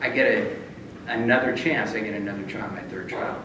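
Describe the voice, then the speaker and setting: A man's voice: lowish voice, brisk. A middle-aged man, an honored judge, telling self-deprecating stories in a banquet speech, chuckling often and restarting his sentences. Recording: very echoey hall, distant mic, room noise.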